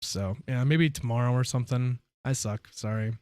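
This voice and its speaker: A man streaming live, telling stories in a casual, profane, animated way. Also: mid-range voice, moderate pace, no room sound.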